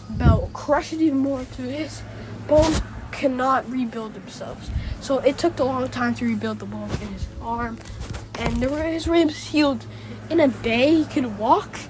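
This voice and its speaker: High-voiced woman rambling through a story. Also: noisy background. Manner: rambling, many restarts and fillers. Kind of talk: retelling a fan story.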